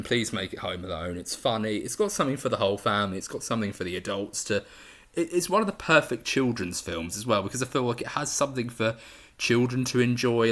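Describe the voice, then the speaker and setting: A man reviews a film in a loose, chatty way, gushing about the scenes he loves. His voice sits fairly low. He often trips over his words and starts sentences again. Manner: enthusiastic and rambling, with frequent restarts. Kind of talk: casual video review.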